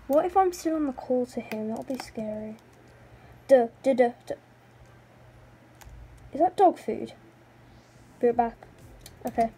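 A woman's voice: fairly high pitch, normal speed, darkish tone, a little hiss or hum. A woman hosting a casual game commentary, giggling, teasing and chattering playfully to the characters on screen. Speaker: gaming channel host.

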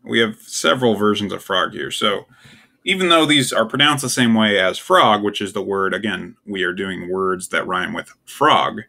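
Young male host, low and gravelly, casual and wry, thinks out loud. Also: normal speed. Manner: offhand, puzzled, wry asides. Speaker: tier list video host. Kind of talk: casual solo commentary.

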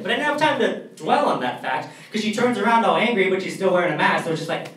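A young man doing a stand-up storytelling set on a college comedy stage, animated, his voice jumping high and squeaky when he gets excited. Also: fast. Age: young adult. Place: college comedy club stage before a live audience. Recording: echoey room, picked up from a distance, faint noise.

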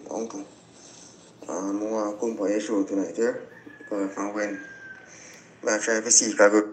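A man's voice: on the low side, flat delivery, normal speed, echoey room, a little hiss or hum, low-quality recording. A Jamaican man in his twenties sending a pleading voice message to a show host, calling him uncle again and again. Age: 20s. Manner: pleading, keeps saying uncle. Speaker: caller.

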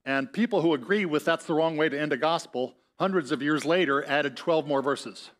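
A male pastor preaching in a church, his voice pitched a little high for a man. He tells the story conversationally, speeding up and slowing down and acting out the voices of the people in it. A light Upper Midwest American accent colors his speech. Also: fairly bright tone. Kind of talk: sermon. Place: church sanctuary.

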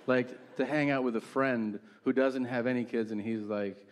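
A man's voice: medium pitch, fairly even intonation, moderate pace. A man doing a stand-up comedy routine on stage, telling profane stories and acting out other people in shifted voices. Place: comedy stage before a live audience.

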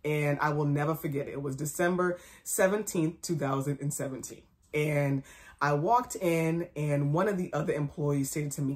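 A woman's voice: low-pitched, moderate pace, darkish tone. A young woman, host of her own fashion blog, telling a personal story to camera with emphatic repetition and acted-out quotes. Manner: emphatic, repeats phrases for effect.

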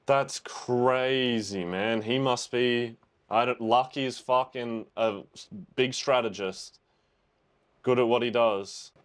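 His medium-pitched voice stays steady and slow as this young man reacts to a film he's never seen. As a reaction video host, he keeps up chatty commentary, with exclamations and spoken thoughts.

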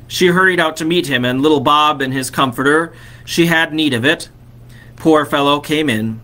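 A man, a vicar, reading a classic story aloud expressively and slowing on key phrases. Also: fairly high pitch, bright, forceful tone.

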